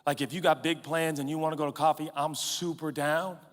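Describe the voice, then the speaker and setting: A man in his forties, a pastor, preaching a sermon in an animated, humorous, conversational way, out of breath and sweating. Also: a little high, a little fast. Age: 40s. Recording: reverberant large hall.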